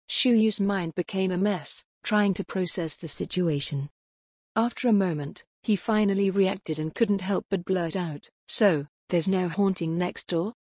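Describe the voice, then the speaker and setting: A woman reads a novel aloud in an even, measured storybook delivery. Her voice is husky and rather low, and the recording is close and dry with no room sound. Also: dry recording. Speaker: audiobook narrator. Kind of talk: scripted narration.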